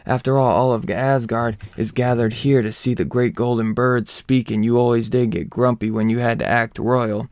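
A man's voice: medium pitch, level tone, moderate pace, hardly any pauses, darkish tone, clean tone, dry recording, clean studio sound, close to an everyday voice. A man voicing a sly male trickster god who teases his brother in a mocking tone. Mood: teasing. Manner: teasing, sly.

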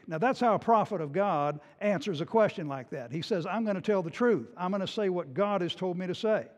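A man preaching a sermon, retelling a scripture story in a lively storytelling way and sometimes acting out its scenes. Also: high-pitched, brisk, few pauses, dull audio. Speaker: pastor. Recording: long hall reverb.

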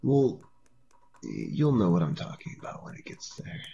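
A man's voice: medium pitch, big pitch swings, moderate pace, creaky, mellow, lo-fi sound. A man joking along in a laid-back way as co-player on a horror game stream. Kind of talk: let's play commentary.

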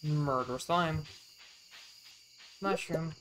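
A woman streaming a farming game, chatting casually with her viewers and admitting she feels low and upset. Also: drawn-out words. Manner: chatty, swears casually, talks to chat. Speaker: vtuber streamer. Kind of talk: casual gameplay chat. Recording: steady background noise.

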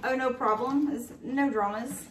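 A cheerful woman hosts a casual snack-tasting chat with her family, her slightly high voice carrying through an echoey room. She sounds a little distant from the camera mic, with faint background noise. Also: steady tone, a little slow. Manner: cheerful, giggly, leading the kids. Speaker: host.

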